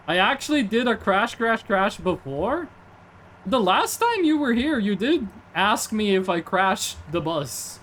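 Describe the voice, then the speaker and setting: A man's voice: high-pitched, big pitch swings, unhurried, a bit bright, a little hiss or hum. A man in his twenties streaming a game, rambling casually, reading chat aloud and tossing in jokey asides.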